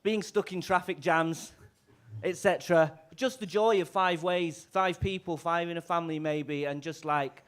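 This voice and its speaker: Brief: male bandleader, high for a man, loose jokey stage patter into a live mic, lots of laughs and restarts. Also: fairly even intonation, moderate pace. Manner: jokey, chatty, laughs often, stumbles and restarts. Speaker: bandleader and clarinettist. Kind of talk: stage banter between tunes. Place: live music venue.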